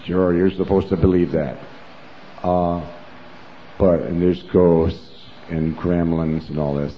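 A man's voice: deep voice, steady tone, slow, a little hiss or hum. A man giving an emphatic, rambling personal testimony as a preacher, full of asides like "you know". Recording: roomy, dull lo-fi recording.

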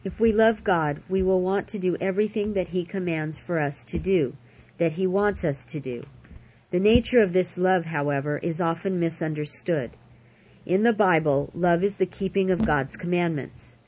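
Measured woman reading scripture aloud. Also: fairly low pitch, darkish tone, husky, low-quality recording. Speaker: scripture reader.

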